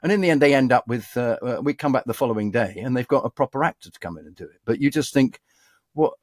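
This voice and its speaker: A man's voice: medium pitch, animated, rapid-fire, dry recording. A man who is a guest voice actor, telling rambling studio anecdotes in a casual chat. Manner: rambling anecdotal storytelling with hesitations.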